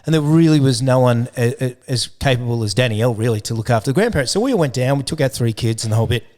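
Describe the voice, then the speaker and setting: A man's voice: mid-range voice, expressive, fast, a little mellow. A man, co-hosting a podcast in a rambling, jokey, casual chat. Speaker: podcast co-host.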